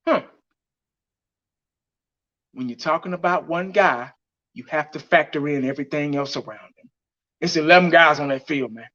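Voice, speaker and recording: A man's voice: on the high side, moderate pace, pauses often, bright, forceful tone. A man giving blunt, heated fan commentary on his vlog, laughing mockingly as he rants. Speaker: fan vlogger. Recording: dull lo-fi audio.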